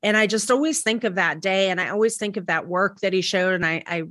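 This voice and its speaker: A woman co-hosting a podcast, telling a story in casual, animated chat with many restarts. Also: mid-range voice, a little fast, no room sound, studio quality. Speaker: podcast co-host.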